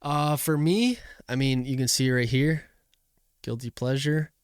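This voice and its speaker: A man's voice: medium pitch, a little slow, smooth, no echo, clean studio sound. Rambling young man telling a story. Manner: rambling storyteller, laughs often, yelps punchlines. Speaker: podcast co-host. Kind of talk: casual chat.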